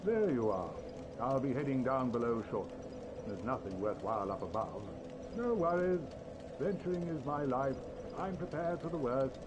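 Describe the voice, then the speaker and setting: An actor voicing a cheerful, polite armored knight in a video game, upbeat and hearty. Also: male voice, medium pitch, animated, normal speed, lo-fi sound, natural voice. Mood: cheery. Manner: hearty, polite and good-humored. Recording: game audio with background noise.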